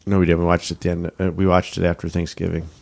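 Deep, gravelly male co-host, laid-back and sardonic, dry sound. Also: completely flat delivery, very fast, a little mellow, dry recording. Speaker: podcast co-host. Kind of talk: casual movie recap chat.

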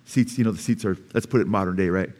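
A man's voice: low voice, rapid-fire, a little mellow. A man with an American accent preaching a sermon in a church, telling stories in a conversational way and acting out the people in them. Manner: conversational storytelling, acts out quoted voices. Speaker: pastor. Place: church sanctuary.

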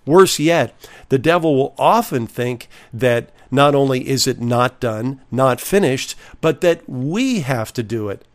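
A man preaching a sermon, reading scripture and stressing key phrases in a slow, deliberate delivery. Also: medium pitch, expressive. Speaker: pastor.

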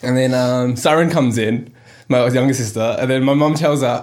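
A young man on a casual podcast, telling an animated story and laughing often. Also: medium pitch, normal speed. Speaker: podcast host. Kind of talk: casual chat.

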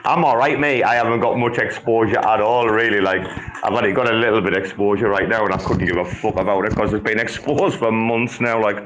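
A man's voice: lowish voice, fairly even intonation, brisk, fairly bright tone, dull audio, slight background noise. A man hosting a casual live audio chat, swearing, joking and laughing through his talk. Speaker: host.

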